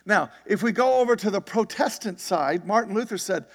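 A man's voice: high-pitched, animated, normal speed, hardly any pauses, long reverb tail. A man preaching a sermon in a conversational way, often checking in with his listeners. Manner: conversational preaching with frequent "right?" and "you see it?". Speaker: pastor.

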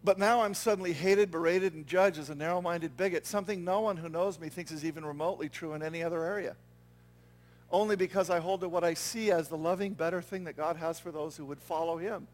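High-pitched man preaching earnestly. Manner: earnest, conversational preaching with frequent "okay?" and "right?" check-ins. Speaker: pastor. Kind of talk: sermon. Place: church.

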